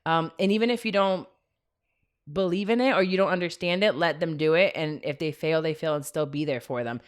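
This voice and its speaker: A woman in her thirties with a low-pitched voice talks a little fast as co-host of a casual podcast. An animated storyteller, she laughs often and acts out quotes throughout the chat.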